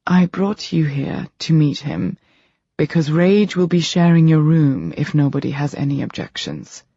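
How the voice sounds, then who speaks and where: A narrator voicing a calm, courteous male doctor who speaks quietly and formally. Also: mid-range voice, no room sound. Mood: patient. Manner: polite, measured, formal. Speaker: audiobook character. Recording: dull lo-fi recording.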